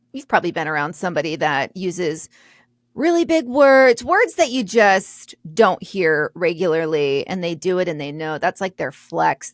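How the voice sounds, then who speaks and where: Lively, laughing female podcast co-host. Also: on the low side, vocal fry, no room sound. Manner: animated, laughing storyteller. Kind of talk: casual podcast chat.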